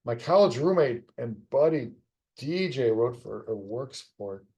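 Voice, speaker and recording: This middle-aged man, worn out and yawning, talks to himself during a live-streamed puzzle solve and jokes about the setter. His medium-pitched voice is expressive, mellow and husky, moving a little slowly.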